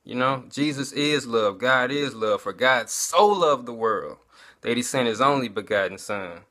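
A man tells his testimony in a relaxed, conversational way, often calling out to his listeners as y'all. His voice is bright and forward, set at an average pitch for a man. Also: a little slow. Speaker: vlogger giving a testimony. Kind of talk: casual personal testimony.

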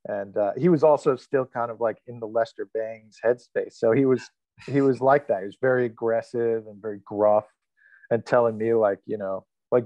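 A man's voice: medium pitch, fairly even intonation, moderate pace, dark tone, dry recording. A man in his thirties, an actor, telling a candid story in a casual interview. He swears freely and laughs as he talks. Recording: dry, slightly muffled lo-fi recording.

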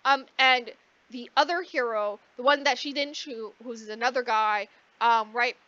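Woman, podcast co-host, high voice, rambling casual recap, salty language, dull lo-fi dry sound. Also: bright, forceful tone, dry recording. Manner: rambling, swearing, acts out characters in quick asides.

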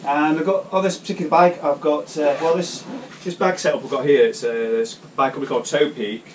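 A man's voice: fairly high pitch, steady tone, fairly quick. Uk guy vlogging his shopping haul, lots of uhs, sounds a bit far from the mic, faint hiss. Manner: rambling, hesitant, many fillers. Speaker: cycling vlogger. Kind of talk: casual vlog. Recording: distant mic, faint background noise.

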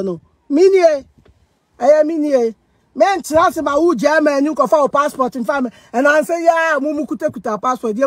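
A high-voiced woman with a Ghanaian accent, a social media personality based in Germany, launches into a heated monologue in a mix of Twi and English. She both accuses others and defends herself, and the recording has no echo.

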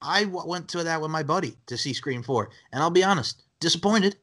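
A man's voice: on the high side, animated, fairly quick, fairly bright tone. A man hosting a podcast, bantering and teasing his guest in casual chat. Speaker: podcast host.

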